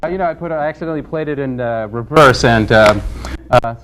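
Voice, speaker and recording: A man with a put-on English accent, a comedy show guest talking in halting, deadpan improvised chat. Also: medium pitch, background noise. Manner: halting, with many ums and uhs.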